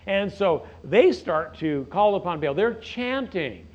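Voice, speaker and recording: A middle-aged man preaching, retelling a scripture story in a folksy, animated way with jokes and asides. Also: sits high, slow pace. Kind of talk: storytelling sermon. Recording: dull lo-fi recording.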